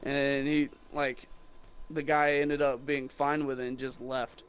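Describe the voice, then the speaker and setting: A young man who sells guitars, rambling through a mocking, animated story about rude customers in casual chat. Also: mid-range voice, measured pace. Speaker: guitar salesman.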